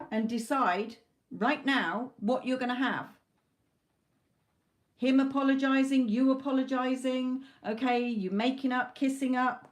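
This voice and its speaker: A woman doing a live tarot reading, talking in a loose, conversational way with frequent restarts. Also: a little high. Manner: talks in loose spoken chunks, restarts often. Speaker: tarot reader.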